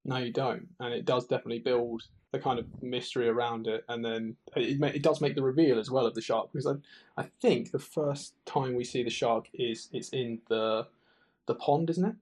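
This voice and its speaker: Dude gushing about a movie on a podcast, keeps restarting sentences. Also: male voice, medium pitch, fairly even intonation, moderate pace, a little mellow. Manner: enthusiastic, rambling with restarts. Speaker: podcast co-host. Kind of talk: casual film chat.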